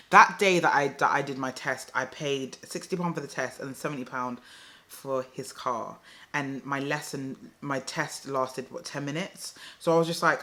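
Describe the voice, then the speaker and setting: This is a young woman, chatting straight to camera. Her voice is bright and forward. She rambles casually and drops "like" into nearly every sentence. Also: sits low, normal speed. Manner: chatty, fills speech with "like", addresses viewers as "guys". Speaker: vlogger.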